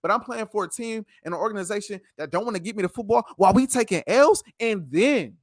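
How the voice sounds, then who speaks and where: A man's voice: high voice, expressive, quick pace, dry recording, studio quality. A man co-hosting a sports podcast, ranting passionately and repeating himself for emphasis in a heated debate.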